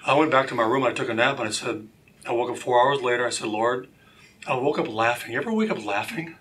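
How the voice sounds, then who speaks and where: A man sharing his personal testimony as a talk show guest, animated and acting out the voices of the people in his stories. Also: mid-range voice, fast talker, crowd noise. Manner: animated, acts out quoted voices. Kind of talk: storytelling testimony.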